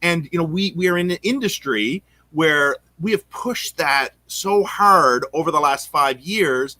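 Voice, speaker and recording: A man from Canada hosts a relaxed podcast chat, his voice bright and slightly high for a man. He talks eagerly, circling back on himself with lots of fillers and restarts. The sound is close and dry. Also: a little slow, dry recording. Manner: excitable, rambling with many fillers and restarts. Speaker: podcast host and real estate coach.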